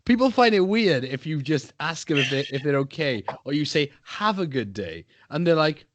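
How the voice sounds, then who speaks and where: A man's voice: a little high, a little fast. A man co-hosting a casual podcast chat, talking emphatically and profanely about staying positive. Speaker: podcast co-host.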